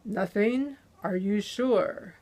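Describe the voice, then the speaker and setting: A cold, commanding male interrogator, read by a woman, pressing his captive with clipped questions at a slow, heavy pace. His middle-pitched voice stays measured while each demand lands hard. It sounds like an audiobook. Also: dark tone. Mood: menacing.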